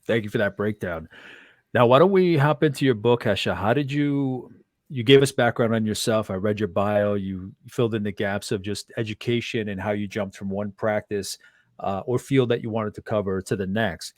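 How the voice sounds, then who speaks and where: A man's voice: fairly low pitch, no echo, studio quality. A man hosting a podcast interview, asking long questions that stop and restart with fillers. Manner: halting, restarts often with fillers. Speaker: podcast host.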